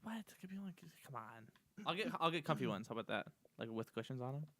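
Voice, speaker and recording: A man's voice: medium pitch, expressive, fast, bright, forceful tone. A young man hosting a casual podcast at home, rambling with lots of fillers and restarts. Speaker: podcast host. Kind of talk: casual chat. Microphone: desk mic.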